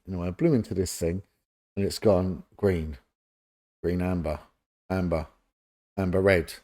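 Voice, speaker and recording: A middle-aged man, telling lively stories as an interview guest and acting out the dialogue. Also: sits low. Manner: animated anecdote-telling, acts out quoted dialogue. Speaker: interview guest, former police officer. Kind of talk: casual storytelling.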